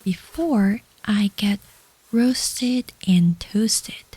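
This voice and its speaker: Woman voices a small, clever young turtle, whispered role-play, very slow and breathy. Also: mid-range voice. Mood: worried. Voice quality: soft unvoiced whisper.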